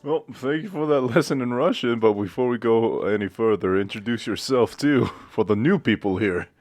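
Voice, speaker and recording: A man's voice: mid-range voice, normal speed, darkish tone, dry recording. A young man co-hosting a podcast in casual, teasing chat. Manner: joking, teasing. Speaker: podcast co-host.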